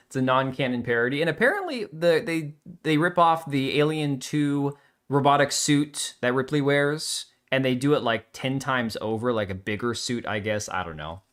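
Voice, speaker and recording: A man's voice: mid-range voice, animated, moderate pace, fairly bright tone. A man hosting a live show, reading viewer comments aloud and reacting with blunt, sarcastic casual commentary. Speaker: livestream host.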